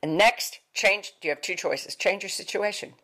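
A woman's voice: mid-range voice, moderate pace, a bit bright. An older woman giving an emphatic motivational talk as a wellness speaker, repeating her key words in a coaching tone.

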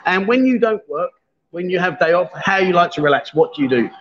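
A man in his fifties hosts a rowdy live chat from a bar, teasing his guests with plenty of banter. His voice sits high. The livestream sound is dull and lo-fi. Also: expressive, brisk. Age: 50s. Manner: jokey, banter-heavy, loud. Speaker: livestream host. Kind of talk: casual live-stream chat. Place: bar in Pattaya.

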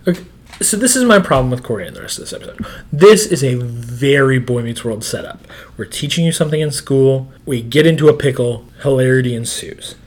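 A man co-hosting a casual TV recap podcast, animated and quick to laugh, slipping into character voices. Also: medium pitch. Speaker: podcast co-host.

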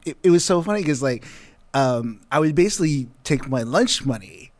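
A man's voice: fairly high pitch, expressive, moderate pace, no room sound. A young adult man in casual chat, telling a school story with easy laughs and restarts.

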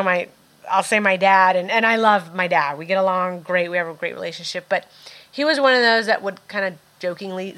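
A woman's voice: fairly low pitch, fairly bright tone. A woman talking candidly as an interview guest, swearing casually and often restarting her sentences.

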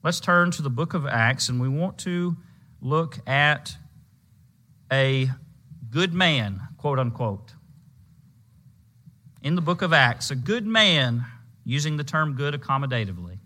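A man preaching a sermon, emphatic, slowing down and drawing out key words to stress a point. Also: fairly high pitch, expressive, pushed and bright.

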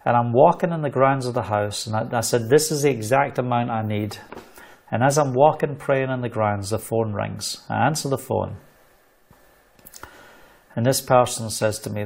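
Preaching with a creaky, medium-pitched voice, a middle-aged man from the UK tells a story during his sermon. He's animated and voices each of the people he quotes.

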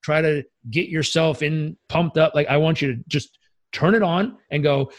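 A man coaching as a podcast guest, telling stories in an energetic, emphatic and casually profane way. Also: on the high side, moderate pace. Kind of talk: podcast interview storytelling.

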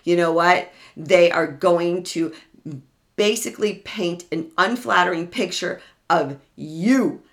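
A woman giving an emphatic explanatory talk, animated and full of rhetorical questions. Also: fairly low pitch, slow.

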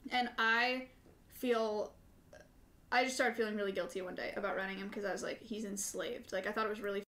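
A woman's voice: mid-range voice, level tone, quick pace, pushed and bright. A young woman co-hosting a podcast, telling rambling, self-mocking stories in casual chat. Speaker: podcast co-host.

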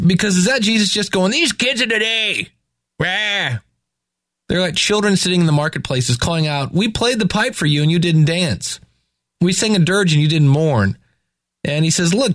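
Man, slightly higher voice, dry close sound; casual scripture reader mixing verses with chatty asides. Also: dry recording. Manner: reads scripture aloud then paraphrases in slangy asides. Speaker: Bible reading commentator. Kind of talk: casual Bible reading and commentary.

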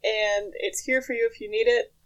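A woman's voice: fairly high pitch, steady tone, normal speed, lo-fi sound. A young woman co-hosting a podcast, chatting casually and recapping a comic with dry jokes and frequent laughs. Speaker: podcast co-host.

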